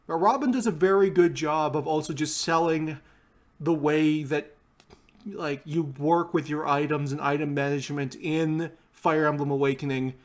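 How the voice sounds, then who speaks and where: A man's voice: a little high, fairly even intonation, normal speed. A man chatting casually as a co-host on a stream, rambling a little and saying "like" often. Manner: casual and rambling, uses "like" a lot. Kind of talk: casual chat.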